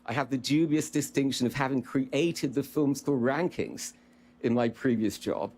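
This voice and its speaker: A man's voice: mid-range voice, moderate pace, darkish tone. A man with a British accent, a film school dean giving an earnest, rousing commencement speech. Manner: earnest, rousing, promise-making.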